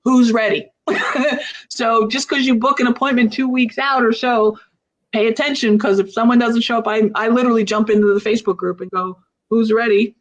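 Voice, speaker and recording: A woman's voice: fairly high pitch, steady tone, brisk. A woman hosting a coaching livestream interview, upbeat, laughing often and asking the audience rhetorical questions. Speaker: host.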